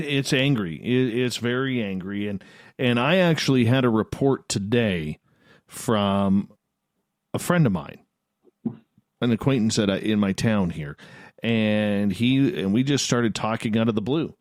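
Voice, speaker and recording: Excitable male radio host. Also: lowish voice, unhurried, dry recording, studio quality. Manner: animated storyteller, repeats words. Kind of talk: radio talk show hosting.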